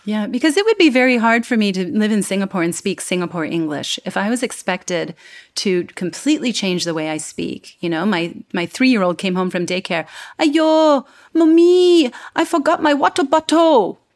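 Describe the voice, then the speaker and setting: An American woman in her thirties, an accent coach, explaining in an animated, lively way during an interview. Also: on the low side, brisk. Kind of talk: interview conversation.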